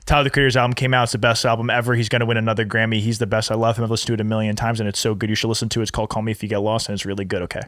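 A man co-hosting a podcast, telling stories quickly in casual chat, often laughing. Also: on the low side, dry recording, clean studio sound. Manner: fast, animated storytelling with laughter.

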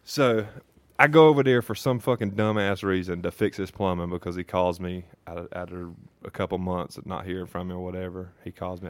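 Man, low voice, dry close sound, swearing, heated storyteller, casual podcast. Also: fairly even intonation, brisk, no echo. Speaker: podcast co-host.

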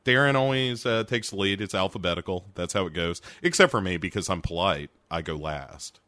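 A man's voice: sits low, brisk, pushed and bright, no echo. An American man hosting a casual podcast, teasing his co-hosts in a dry way. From United States. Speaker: podcast host.

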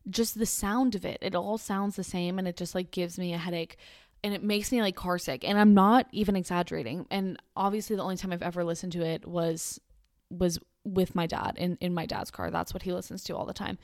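A woman's voice: medium pitch, a little mellow, no room sound, clean studio sound. A young woman in her twenties hosting a casual solo podcast, rambling chattily with lots of "like" and restarts. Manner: chatty, rambling, heavy use of "like". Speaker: podcast host.

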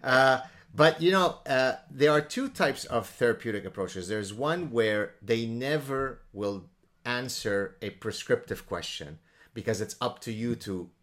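A man's voice: medium pitch, unhurried, fairly bright tone. A man from the Middle East hosting an interview, talking in an academic way with stammered restarts. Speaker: podcast host. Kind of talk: conversational interview.

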